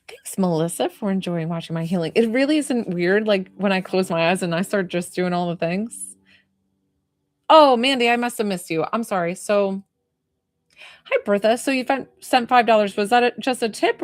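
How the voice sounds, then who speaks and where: A woman's voice: mid-range voice, no echo, studio quality. Soothing woman healer on a live stream. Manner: soft and soothing, full of "like" and gushing thanks. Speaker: spiritual healer. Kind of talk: live-stream healing session.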